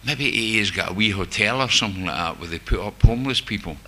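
Low-voiced Scottish man telling his story. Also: fast, pushed and bright, slight background noise. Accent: Scottish, Glasgow area. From Scotland, near Glasgow. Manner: candid, self-mocking storytelling with wry humor. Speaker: speaker sharing recovery story. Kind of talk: personal testimony to a group.

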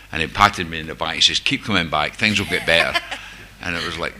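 Older man, Glasgow Scottish accent, very deep voice, bright sharp tone, wry candid testimony. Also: lively intonation, a little fast, a little hiss or hum. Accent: Scottish, Glasgow area. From Scotland, near Glasgow. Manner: candid, self-mocking storytelling with wry humor. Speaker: speaker sharing recovery story. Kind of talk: personal testimony to a group.

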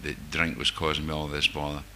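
His bass voice comes out completely flat, fairly quick and sharp in tone. He's an older man from near Glasgow, Scotland, with that region's accent, candidly giving a group testimony about his own recovery with self-mocking wit.

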